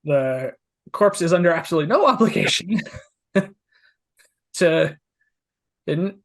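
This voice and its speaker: A man's voice: a little high, animated, a little slow. A man narrating a tabletop game as game master, often rambling and restarting his sentences. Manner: rambling, with many restarts and hedging words.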